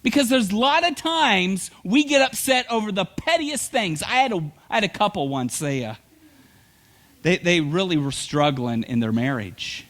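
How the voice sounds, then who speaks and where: Animated high-voiced male pastor preaching. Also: normal speed. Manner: animated, humorous storytelling. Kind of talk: sermon.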